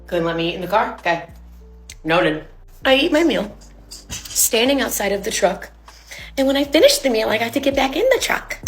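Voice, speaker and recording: A woman's voice: a little high, very animated, moderate pace, pauses often, faint music behind. A woman telling a personal story in a chatty way, full of fillers and acted quotes. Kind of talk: storytime video.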